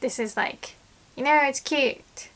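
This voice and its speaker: A woman teaching Japanese in a casual video lesson, chatty and quick to act out example lines. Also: high voice, fairly bright tone.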